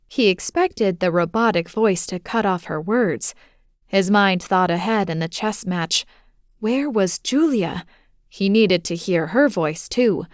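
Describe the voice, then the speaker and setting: A woman narrating a romantic suspense audiobook in a measured, steady storytelling manner on a close studio mic. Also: mid-range voice, no room sound.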